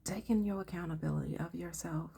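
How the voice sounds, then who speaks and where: A woman's voice: fairly quick, warm tone, a little hiss or hum. A woman giving a casual tarot reading, blunt and profane, often dropping into whispered asides. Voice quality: husky, gravelly low voice. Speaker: tarot reader.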